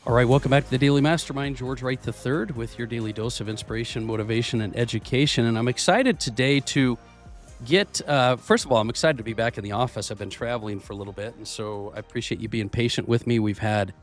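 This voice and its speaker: A man's voice: medium pitch, fast talker, soft background music. Earnest male podcast host, voice a bit worn. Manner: earnest, repeats words while restarting. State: losing his voice a bit. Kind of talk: motivational business talk. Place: office.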